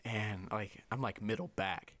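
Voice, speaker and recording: A young man talks in a slightly low voice, spinning a rambling, profane story for his guest. He jumps into higher voices for the people he quotes and keeps the telling lively and loose. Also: measured pace. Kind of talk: casual storytelling chat.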